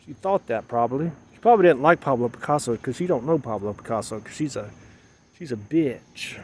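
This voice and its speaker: A mid-range male voice, expressive and a little fast, comes through over slight background noise. The vlogger plays a mother, rambling to himself on camera as he sets up solar gear outdoors at dusk. He repeats his phrases, and his mutters swell into agitated outbursts.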